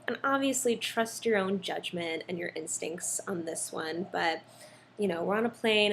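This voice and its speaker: A woman's voice: mid-range voice, creaky, a little hiss or hum. A young woman, a mother, chatting casually about her experiences, telling stories with lots of ums and likes. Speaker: vlogger, mom. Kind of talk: casual chat.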